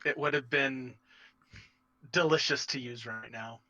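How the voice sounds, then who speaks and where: A man's voice: mid-range voice, a little slow, sharp tone, rough recording. A man playing in a tabletop game, reacting in a playful way. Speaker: player. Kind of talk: casual tabletop play.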